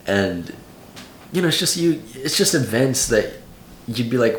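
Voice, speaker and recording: A man's voice: on the low side, animated, moderate pace, reverberant, a little hiss or hum. A young man in his late teens giving casual vlog advice in a loose, slangy way full of "like". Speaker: vlogger.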